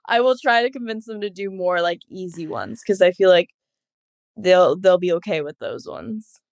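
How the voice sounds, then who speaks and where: A young woman chats as a podcast guest, giggling and filling her sentences with "like." Her voice is smooth and clear. The recording is close and dry. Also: on the low side, animated, moderate pace, dry recording. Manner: giggly, chatty, many fillers. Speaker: guest athlete. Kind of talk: casual interview chat.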